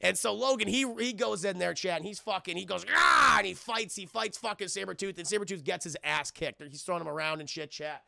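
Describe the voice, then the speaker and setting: High gravelly excitable young man. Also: quick pace, few pauses, no room sound, clean studio sound. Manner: excitable, profane, acts out scenes. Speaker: film reviewer streaming to chat. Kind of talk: casual spoiler review chat.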